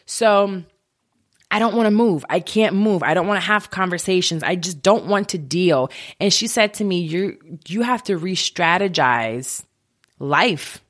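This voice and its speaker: A woman's voice: medium pitch, normal speed. A woman in her thirties hosting a podcast alone, talking candidly and emotionally about her struggles with frank swearing, from her home office. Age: 30s. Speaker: podcast host. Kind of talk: candid solo podcast monologue.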